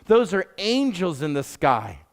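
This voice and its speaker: A wide-eyed little girl, as her father puts her on, speaks in a wondering voice, pitched higher than the teller's own and clear. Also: very animated, a little slow, heavily acted. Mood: amazed.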